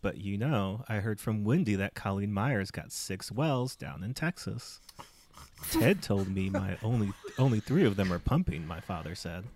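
Man, deep-ish voice, expressive range, storytelling read-aloud, dry sound. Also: normal speed, slight background noise. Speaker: podcast co-host reading a book aloud.

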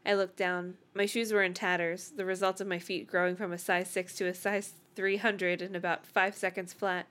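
A woman's voice: fairly low pitch, flat delivery, normal speed, hardly any pauses, fairly bright tone. A woman co-hosting a podcast, reading a novel aloud casually with laughter slipping in.

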